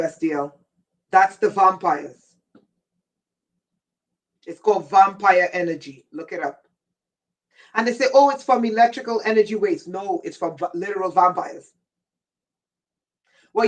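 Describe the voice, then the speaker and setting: A woman's voice: mid-range voice, moderate pace, pauses often, far from the mic, rough recording. A woman hosting a livestream, delivering a rambling, intense monologue in a warning tone and answering viewers' chat comments by name. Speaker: livestream host.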